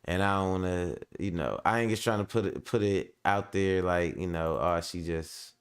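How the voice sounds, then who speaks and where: A man's voice: sits low, normal speed, clean tone. A man hosting a casual live stream, talking in a loose, rambling, slangy way and laughing often, a little under the weather. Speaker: host of a commentary stream.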